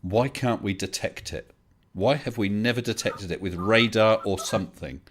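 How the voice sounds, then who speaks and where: A man hosts a casual online debate, his voice sitting a little low. He is polite and quick to laugh, with lots of halting restarts as he thinks aloud. It sounds like a home computer mic on a voice call. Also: fairly bright tone, slight background noise. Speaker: livestream host.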